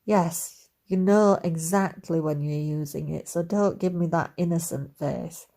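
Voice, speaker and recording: A woman's voice: sits low, measured pace, vocal fry. Woman voicing a dry, sardonic heroine. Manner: dry, deadpan.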